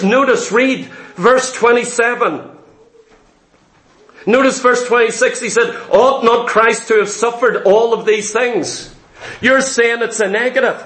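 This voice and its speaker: A man's voice: very high-pitched, a bit bright. A man preaching a sermon, emphatic and repetitive, acting out the complaints of doubters in quoted asides. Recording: echoey room.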